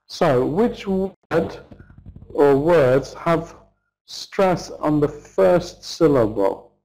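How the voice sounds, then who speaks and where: A middle-aged man teaching English pronunciation, saying vocabulary words slowly and deliberately for learners to repeat, then explaining word stress. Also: a little high, gravelly, darkish tone, low-quality recording. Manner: slow, deliberate, modelling words for repetition. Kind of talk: pronunciation lesson, slow drills.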